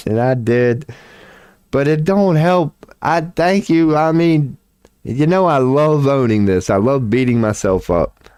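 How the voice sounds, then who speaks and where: A man's voice: mid-range voice, unhurried, a little mellow, clean tone, no room sound, clean studio sound. A man in his forties chatting casually on a livestream, rambling and profane, laughing often as he talks. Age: 40s. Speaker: streamer.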